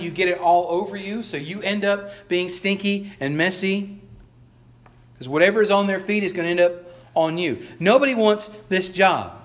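A man's voice: high-pitched, fairly bright tone. A male pastor preaching a sermon in a conversational way, often restarting phrases and acting out the quoted lines of the people he talks about. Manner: acts out quoted lines in voices.

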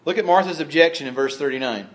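A middle-aged man delivers a sermon in a slightly raised, fairly high register. He keeps it conversational, slipping dry humorous asides in between points. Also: fast. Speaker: pastor.

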